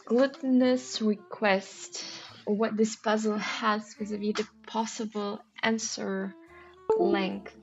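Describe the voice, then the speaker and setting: A woman's voice: medium pitch, flat delivery, slow. A woman livestreaming a crossword solve, reading clues aloud and musing over answers with many hesitant ums. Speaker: streamer solving a crossword. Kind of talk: thinking aloud while solving. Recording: dull lo-fi recording. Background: faint background music.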